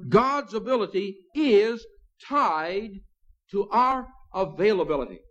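A man's voice: sits high, lively intonation, slow pace, a bit bright, dull audio. A man preaching a sermon in a conversational way, with asides and small chuckles. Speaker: pastor.

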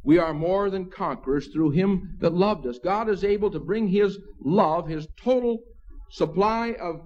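A man with a high voice preaches a sermon in a relaxed, talky way, dropping in asides and soft chuckles. The recording is dull and lo-fi. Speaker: pastor.

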